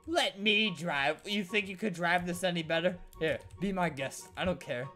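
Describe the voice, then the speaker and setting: A man's voice: sits high, normal speed, few pauses, bright, forceful tone, soft background music. A man giving joking gameplay commentary, playing at being sad and sarcastic and often breaking into laughter. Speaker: gaming commentator.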